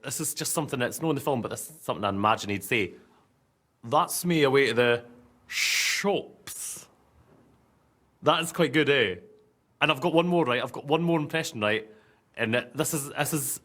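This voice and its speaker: A man's voice: medium pitch, a bit bright, close to an everyday voice. An actor playing a cheerful, dim, boastful young army man with a Scottish accent, chatty and easily sidetracked. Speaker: soldier in a sitcom. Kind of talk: sitcom acting.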